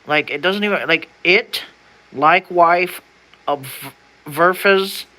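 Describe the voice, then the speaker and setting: Young adult streamer with a bright, ringing tone and mid-range pitch, chatting casually and stumbling as they sound out words. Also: takes it slowly, poor audio. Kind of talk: casual livestream chat while reading an old document aloud.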